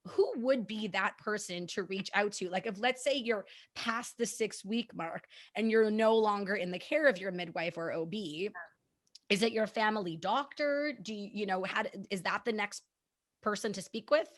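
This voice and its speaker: A woman hosting a conversational interview, telling personal stories in an animated way with frequent laughter. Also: medium pitch, moderate pace. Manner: animated, laughing, acts out her own thoughts. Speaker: host.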